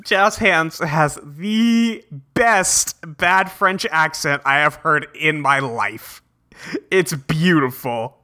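Male podcast co-host, very bright tone, casual chatty plot recap. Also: a little high, slow. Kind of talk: casual chat recapping a cartoon.

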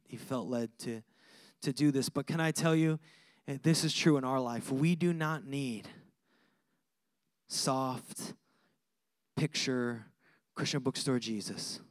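A male pastor preaching a sermon in an animated, conversational way, with laughter and punchy repeated lists. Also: mid-range voice, no echo, clean studio sound.

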